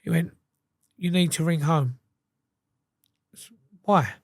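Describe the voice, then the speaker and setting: A man's voice: a little high, takes it slowly, no echo. Male interview guest, blunt and sweary, acts out quoted lines, dry close sound. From England. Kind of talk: casual storytelling.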